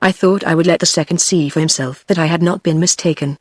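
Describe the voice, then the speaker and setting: A woman's voice: low voice, fairly even intonation, fast talker, no echo, studio quality. British female text-to-speech narrator. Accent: British English. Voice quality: synthetic, evenly paced machine voice. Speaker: audiobook narrator. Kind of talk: text-to-speech book reading.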